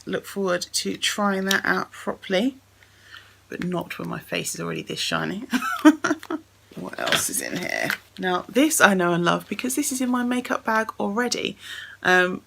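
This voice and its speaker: A woman's voice: lowish voice, gravelly, a bit bright, slight background noise. A young woman chatting casually as she unboxes a gift on camera, effusive and full of thanks. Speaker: beauty vlogger.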